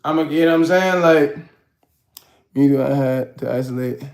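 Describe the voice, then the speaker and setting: A man's voice: mid-range voice, normal speed, a little mellow, reverberant. A man in his forties, hosting his own show, talking casually to the camera with frequent laughs and a lot of "you know what I'm saying". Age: 40s. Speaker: host.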